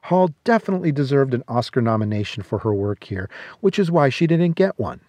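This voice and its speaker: A man's voice: medium pitch, big pitch swings, brisk, darkish tone, no echo. A man hosting a podcast, reading scripted film reviews with sardonic, jokey asides. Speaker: podcast host.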